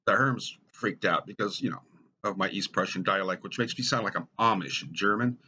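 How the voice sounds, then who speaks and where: A middle-aged American man with a low, husky voice tells personal stories in a dry, deadpan way. His tone is bright and forceful, and the humor stays wry. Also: fairly quick. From United States. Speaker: storyteller. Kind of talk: stand-up style personal storytelling.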